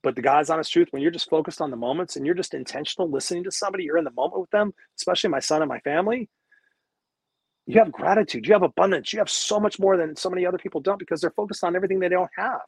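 Husky emphatic male motivational coach. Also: sits high, rapid-fire, no room sound. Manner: emphatic, profane, preachy repetition. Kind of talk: live-streamed motivational talk. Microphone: wireless earbuds.

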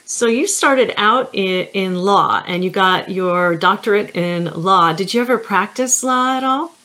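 A woman's voice: medium pitch, unhurried, bright, forceful tone. Friendly chatty woman podcast host. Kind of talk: podcast interview.

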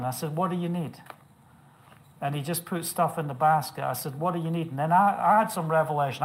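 Guy preaching, fired up, goes soft then loud, kinda higher voice. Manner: impassioned, swings from hushed to loud. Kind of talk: sermon storytelling.

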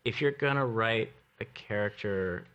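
Male podcast guest, bright tense tone, musical theater fan. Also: lowish voice, a little slow, lo-fi sound. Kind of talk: casual chat.

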